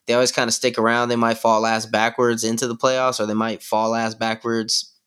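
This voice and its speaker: A man's voice: mid-range voice, little pitch movement, brisk, a bit bright, clear, resonant tone. A man co-hosting a sports podcast, talking loosely and profanely with lots of slang and fillers. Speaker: podcast co-host. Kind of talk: casual sports chat.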